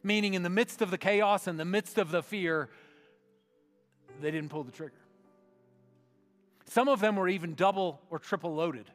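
A male pastor delivers a sermon, his voice sitting a little high for a man. He reads slowly and meditatively and often sinks to a near hush. The recording carries a long hall reverb, with soft instrumental music faintly underneath. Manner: slow meditative reading that drops to a hushed voice. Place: church sanctuary.

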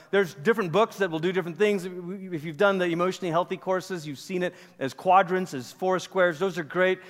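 A pastor in his forties from Malaysia, preaching in a casual, animated storytelling manner to a church. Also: on the high side. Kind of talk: conversational sermon. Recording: long hall reverb.

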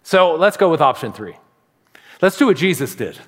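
A middle-aged man preaching a sermon as pastor, telling stories and acting out little asides in an animated way. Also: on the high side, moderate pace. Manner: animated storytelling with acted-out asides. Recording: long reverb of a large hall.

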